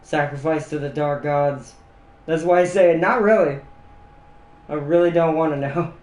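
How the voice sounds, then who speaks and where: A man's voice: a little high, a little slow, darkish tone, echoey room. A man streaming casual chat who rambles and laughs often at his own jokes.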